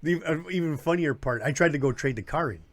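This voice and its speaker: A man's voice: fairly high pitch, quick pace, slight background noise. A man from the south side of Chicago, a comedian telling wild stories in casual, profane chat and acting out the voices of the people in them. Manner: animated, acts out quoted voices, laughs through stories. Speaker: guest comedian. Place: live show venue.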